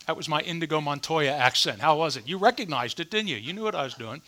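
Man preaching, bouncy lively voice that swings all over, kinda bright, chatty and joking. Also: fairly high pitch, brisk. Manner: animated, conversational preaching with humor. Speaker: pastor. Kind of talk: sermon with scripture reading.

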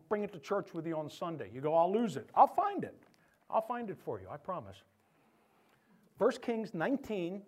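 A male pastor delivers a sermon in a high, lively voice that swings up and down. He jokes with the congregation and acts out the Bible figures as he tells their stories. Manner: animated, joking asides to the congregation.

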